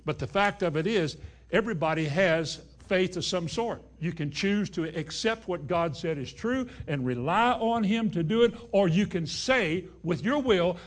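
A male pastor delivering a sermon with a slightly higher-than-usual voice. He talks in a folksy, conversational way, sinking to quiet, intimate lines before building to forceful, emphatic claims. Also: lively intonation, normal speed. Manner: folksy, swings between hushed and emphatic.

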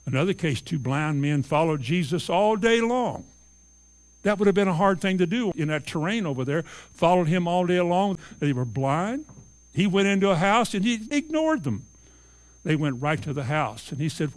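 A man preaching a sermon, retelling Bible stories emphatically and acting out the characters' voices. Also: on the high side.

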